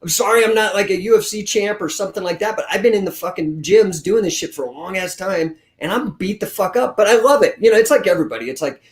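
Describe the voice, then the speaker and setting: High-voiced and quick, with few pauses, this guest is a grappling coach in his forties. In a casual interview he spins profane, blunt stories with plenty of animation, captured with a roomy echo.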